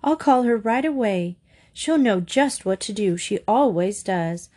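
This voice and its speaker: Woman voicing a fretful teary mother, high wailing voice, storybook. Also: animated, measured pace, mellow. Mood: tearful. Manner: wailing and anxious, high-pitched. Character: flustered, tearful mother of a bully.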